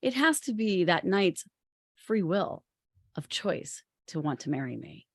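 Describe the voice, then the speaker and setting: A woman's voice: fairly low pitch, sing-song, a little slow, dry recording, studio quality, heavily acted. A woman voicing a hideous old hag who drawls and bosses people around, told as part of a spoken story. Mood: sly. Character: hideous old female hag, bossy and demanding.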